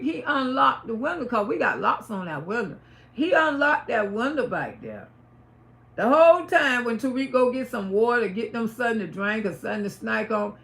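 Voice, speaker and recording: A middle-aged woman talking to her livestream audience from home. Her voice sits high and bright, with a gravelly edge. She tells her story in an emphatic, repetitive, often profane way. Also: animated, normal speed. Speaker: livestream host. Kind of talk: casual storytelling to a live audience.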